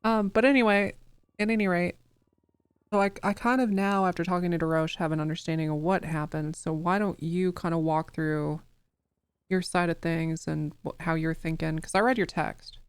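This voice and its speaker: A woman playing an undersheriff in a roleplay game, talking in a dry, measured, conversational way. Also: fairly low pitch, steady tone, clean tone, no echo.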